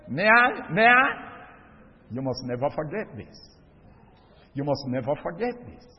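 A man's voice: a little high, big pitch swings, unhurried, long pauses. A man preaching a sermon, emphatic, stretching out the words he stresses. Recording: dull lo-fi recording with long hall reverb.

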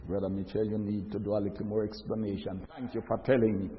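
A preacher voicing a quiet doubtful churchgoer. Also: male voice, on the low side, level tone, fast talker, a little hiss or hum, voice pushed down, natural voice. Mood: questioning. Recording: dull lo-fi recording with long hall reverb.

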